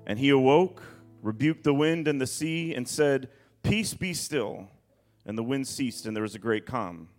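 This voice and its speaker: A man's voice: medium pitch, moderate pace, a little mellow, faint music behind. A male pastor preaching a sermon, reading scripture aloud dramatically and breaking off into asides to the congregation.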